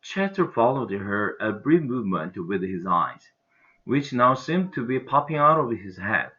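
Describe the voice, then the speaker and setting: A man with a Korean accent, an English teacher reading a children's novel aloud in an expressive, animated way, on a dull lo-fi recording. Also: mid-range voice, moderate pace.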